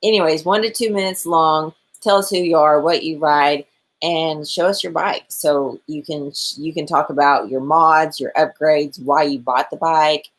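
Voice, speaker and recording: A woman's voice: low-pitched, steady tone, measured pace. A woman in her forties co-hosting a casual livestream, chatty and giving step-by-step instructions. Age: 40s. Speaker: co-host of a motorcycle channel livestream.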